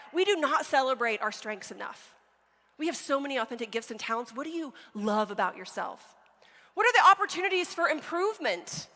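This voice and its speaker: A woman in her forties giving a motivational keynote on stage, energetic and full of stories and questions to the audience. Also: high-pitched. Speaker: keynote speaker. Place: large hall on stage. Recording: long hall reverb.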